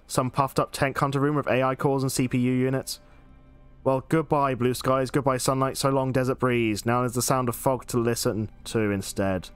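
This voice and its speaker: A man reading out a weary, sardonic male tavern regular from a game in a lowered voice. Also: level tone, normal speed, clean tone, faint music behind, lightly acted. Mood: grumbling. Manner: sardonic, grumbling.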